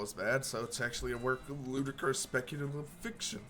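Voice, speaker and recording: A man's voice: mid-range voice, fairly even intonation, brisk, few pauses, sharp tone, faint music behind. A man streaming a western game, reading its text aloud and joking casually.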